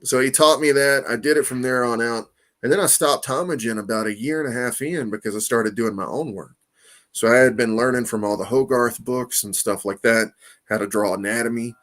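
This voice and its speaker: A man telling a story in a casual interview, animated and profane, acting out quoted voices and laughing often. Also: medium pitch, a little fast. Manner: animated, profane, lots of "you know what I mean". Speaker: comic artist guest.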